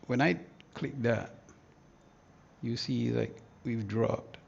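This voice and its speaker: A livestream host walks through market charts, a man with a deeply gravelly, husky voice. He drawls slowly and mutters slang to himself as he thinks aloud. The audio is somewhat dull and lo-fi. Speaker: trading educator, livestream host. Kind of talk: casual live market analysis.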